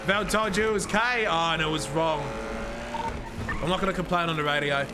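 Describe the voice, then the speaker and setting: A man streaming a police role-play game, talking excitedly and rambling with swearing and frequent restarts. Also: on the high side, a little fast, heavy background noise. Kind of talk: live-streamed gameplay commentary.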